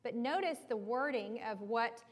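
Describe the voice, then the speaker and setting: A woman's voice: on the high side, animated, a little slow, big-room sound. A woman teaching a Bible study, explaining in a conversational way and checking in with her listeners.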